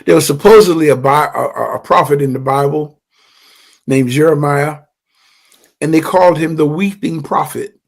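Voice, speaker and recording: An older man giving an impassioned livestream teaching in a fervent, preachy way, often stammering and repeating words. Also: on the high side.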